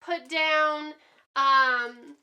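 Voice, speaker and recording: A woman's voice: sits high, steady tone, very slow, bright, forceful tone, muffled recording. A woman teaching a lesson in a chatty way, acting out examples with many fillers. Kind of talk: classroom lesson.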